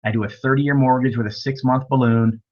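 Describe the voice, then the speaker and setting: A man's voice: medium pitch, fairly even intonation, fairly quick, a little mellow. A man teaching real estate investing in a webinar, telling folksy stories and acting out both sides of conversations. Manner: folksy storytelling, acts out dialogue. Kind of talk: webinar lecture with anecdotes. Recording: dull lo-fi webinar audio.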